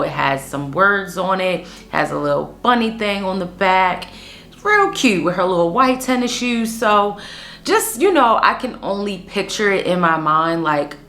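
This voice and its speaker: A woman's voice: on the low side, creaky, a bit bright. A woman in her thirties from Pennsylvania, hosting a true-crime show in a chatty, casual storytelling way that often addresses listeners as guys. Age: 30s. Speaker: host.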